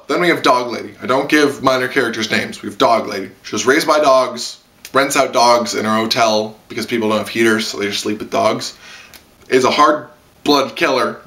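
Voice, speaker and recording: A young man reviews an anime casually from his room at home, where a lamp is on, wandering from point to point with lots of "like" and filler. Bright and slightly sharp, his voice stays in an everyday middle pitch until he gets excited and squeals out characters' lines in a high voice.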